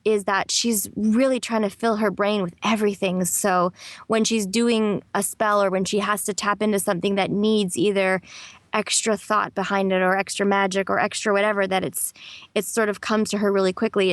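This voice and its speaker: A woman voice actress chats animatedly in an interview, laughing easily. The sound is dry and close, with no room echo. Her voice sits at a middle pitch. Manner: chatty and animated, laughs often, slips into quick impressions. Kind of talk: casual interview answers.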